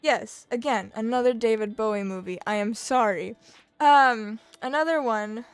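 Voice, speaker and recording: A woman's voice: on the high side, normal speed, clear, resonant tone, dry recording, faint music behind. A young woman vlogging from her bedroom, rambling casually with lots of fillers and restarts. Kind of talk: casual chatty commentary.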